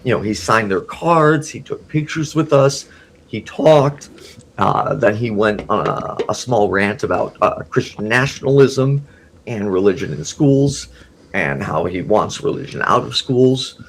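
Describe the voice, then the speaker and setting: A man guesting on a podcast, rambling excitedly through a casual story and laughing often. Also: on the low side, a little slow, slight background noise.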